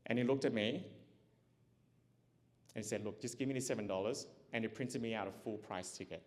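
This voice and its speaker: A man giving a motivational keynote, telling a personal story with lively acted-out dialogue and frequent laughs. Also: lowish voice, brisk, pauses often. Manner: animated, acts out dialogue, laughs often. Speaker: keynote speaker. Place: large event hall. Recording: long hall reverb.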